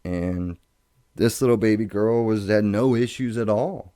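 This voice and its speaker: A middle-aged man telling his life story in casual talk, profane and rambling, with halting restarts. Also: lowish voice, mellow, smooth, no echo, clean studio sound.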